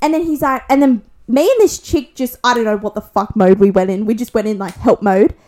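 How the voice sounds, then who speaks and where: A woman's voice: on the high side, brisk. A young woman with an Australian accent telling a gossip story on a podcast, swearing constantly and acting out what everyone said. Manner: animated, swears constantly, acts out quotes. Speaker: podcast co-host.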